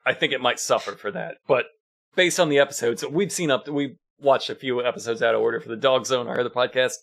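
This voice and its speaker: Podcast guy chatting, wry and amused, laughs a lot, mid-pitched voice. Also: fast, creaky, a bit bright. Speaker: podcast co-host. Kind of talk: casual chat.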